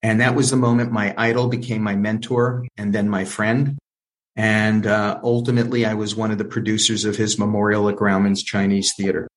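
Animated older man telling a story. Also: fairly low pitch, a little fast, low-quality recording. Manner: animated storyteller who acts out quoted voices. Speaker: interview guest, film producer. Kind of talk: storytelling in an interview.

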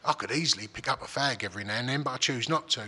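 A middle-aged man talks as a guest in a loose, rambling way, with frequent restarts and casual swearing. His voice is husky but bright and forceful, pitched a little high. The room around him has a long, echoing reverb. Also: very fast. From East London. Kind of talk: casual interview chat, frank and sweary.

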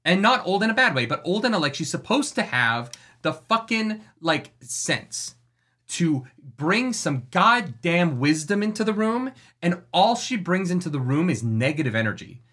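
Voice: medium pitch, very animated, normal speed, fairly bright tone. A podcast co-host in a casual book discussion, ranting with passion and plenty of swearing, acting out quoted characters. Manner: impassioned, profane ranting.

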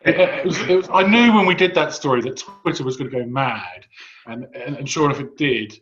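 A man's voice: medium pitch, brisk, fairly bright tone, lo-fi sound. A man in his fifties, a guest commentator, talking in a wry, sardonic way with frequent restarts in casual political chat. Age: 50s.

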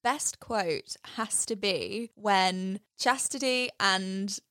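A woman's voice: mid-range voice, very slow, pushed and bright, a little hiss or hum. A young woman co-hosting a podcast, chatting casually and giggling as she retells film scenes. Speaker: podcast co-host. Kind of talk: casual chat.

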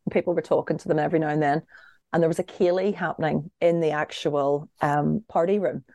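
A woman's voice: low voice, fairly quick, no room sound, studio quality. A young woman co-hosting a casual chat, telling a funny story and laughing through it. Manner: lively storyteller, laughing through her own tale. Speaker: podcast co-host.

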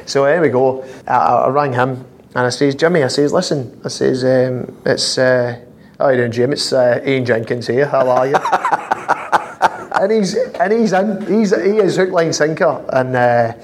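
A man with a Scottish accent, a footballer guest telling prank-call stories with lively laughter and constant "I says". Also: medium pitch, moderate pace. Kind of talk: anecdotal storytelling.

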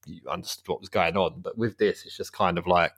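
Low-voiced man, rambling chat. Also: fairly even intonation, brisk, vocal fry, a bit bright, breathy edge. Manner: rambling, laughs often, restarts. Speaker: podcast host. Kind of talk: casual football podcast chat.

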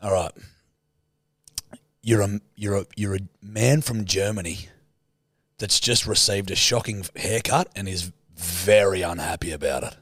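A man's voice: sits low, measured pace, fairly bright tone, husky, no echo, clean studio sound. A laid-back man, hosting a casual podcast and swearing freely. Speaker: podcast host.

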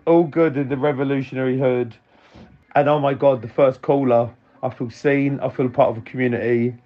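A man's voice: medium pitch, highs cut off. Laughing, swearing man telling a story. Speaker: caller. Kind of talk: casual phone-in story.

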